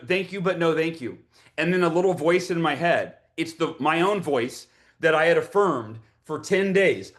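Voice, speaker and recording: A man in his forties telling an energetic story to an audience, repeating himself when excited. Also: a little high. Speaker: motivational speaker.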